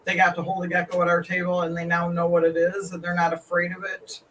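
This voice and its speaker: A man's voice: sits high, monotone, quick pace, a bit bright. A man who works as a reptile vendor, telling stories with enthusiasm in a casual chat. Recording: distant mic with faint room noise.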